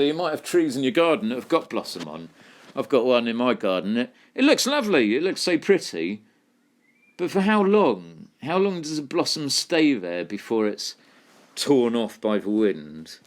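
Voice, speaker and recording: A man teaching a poetry lesson, explaining terms and reading lines aloud slowly. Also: sits low.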